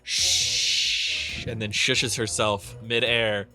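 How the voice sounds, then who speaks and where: A man's voice: fairly low pitch, steady tone, moderate pace, a bit bright, soft background music. A man narrating as game master in a loose, rambling way. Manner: loose, rambling, many fillers and restarts.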